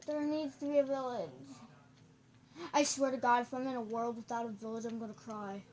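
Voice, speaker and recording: A goofy, excitable gameplay commentator who breaks into sudden loud outbursts, recorded on a camera microphone. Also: medium pitch, fairly quick. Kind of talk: casual let's-play commentary.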